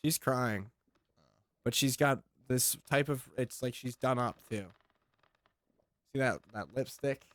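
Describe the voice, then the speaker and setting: Bright-voiced rambling comedy host. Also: male voice, medium pitch, no echo. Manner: rambling, joking, quick tangents. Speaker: podcast host. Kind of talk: casual comedic chat.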